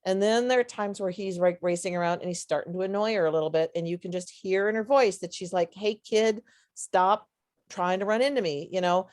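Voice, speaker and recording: A woman's voice: lowish voice, fast talker, few pauses, a little mellow. A woman who fosters dogs, speaking on a casual webinar panel, hesitant, with many fillers and restarts. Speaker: dog foster volunteer on a panel.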